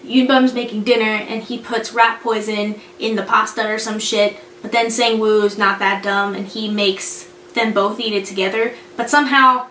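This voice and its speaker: A woman's voice: medium pitch, fairly even intonation, normal speed, hardly any pauses, a bit bright. Blunt, profane young woman in an echoey room. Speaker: anime reviewer. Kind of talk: casual spoken review. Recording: roomy echo, faint noise.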